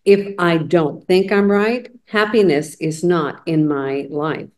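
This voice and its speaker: A middle-aged woman co-hosting a casual chat, sharing lively anecdotes. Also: on the low side, slow pace. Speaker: co-host.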